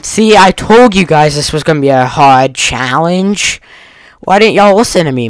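A man's voice: fairly high pitch, lively intonation, moderate pace, no room sound. A man giving live gameplay commentary, ranting in frustration and tacking "dude" onto nearly every line. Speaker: gaming video creator.

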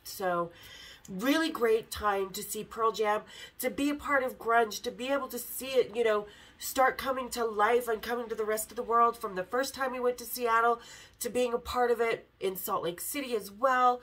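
A woman hosting a podcast, candidly telling a story with swearing and animated quoted lines. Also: fairly high pitch, moderate pace, low-quality recording. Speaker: podcast host. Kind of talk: casual storytelling.

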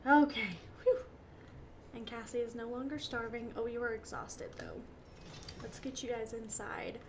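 A young woman with a high voice talks her way through a video game as its host. She laughs often, gets emotional and talks straight to her characters. A faint ambient noise sits under the recording. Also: steady tone, a little slow. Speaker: gaming channel host. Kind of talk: let's-play commentary.

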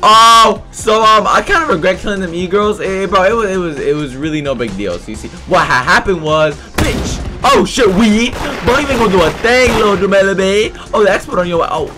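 A high-voiced man trash-talks his way through an online shooter, swinging his pitch all over the place. His talk is loud, crude and excitable, with game music and gunfire playing underneath. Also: fairly quick, few pauses. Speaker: gaming video creator. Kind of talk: gameplay commentary.

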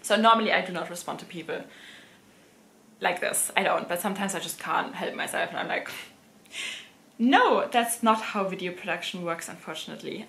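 A German fashion vlogger, whose first language is German and who speaks with a German accent, chats casually to camera and laughs often. Her medium-pitched voice is bright and forceful with vocal fry, and the room sounds roomy and echoey.

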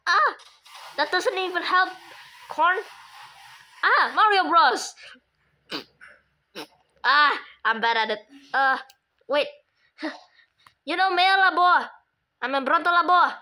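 A high-pitched woman chatting through a game at an unhurried pace. Her voice is bright and sharp. She is playful and excitable, tossing in her own sound effects. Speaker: gameplay commentator. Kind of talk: casual game commentary.

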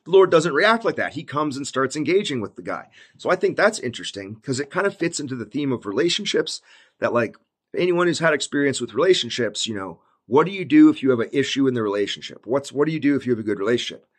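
A man's voice: medium pitch, big pitch swings, husky. A man talking through a book of the Bible in a casual, laid-back way, full of "like" and "basically". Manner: slows down when reading old scripture aloud. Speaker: Bible commentator. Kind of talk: casual Bible study talk.

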